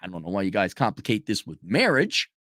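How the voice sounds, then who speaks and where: A man's voice: fairly low pitch, sing-song, fairly quick, a bit bright, dry recording, studio quality. Profane, sarcastic man ranting. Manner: profane, sarcastic, swings into mocking voices. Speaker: commentary show host. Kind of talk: livestream rant commentary.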